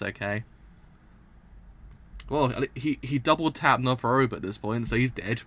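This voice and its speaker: A man's voice: mid-range voice, animated, moderate pace, pauses often, fairly bright tone, dry recording. A young man streaming a live reaction, talking with dramatic, exaggerated mock outrage and frequent laughter.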